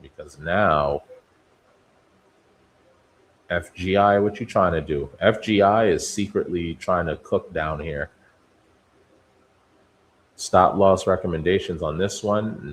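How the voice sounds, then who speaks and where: A low-voiced man hosts a live trading stream from his desk, musing out loud and bantering with each ticker he scans. A faint hum of room ambience sits under his voice. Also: a little slow, pauses often. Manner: talks to stocks like people, musing and bantering. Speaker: day trading stream host. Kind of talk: live market commentary.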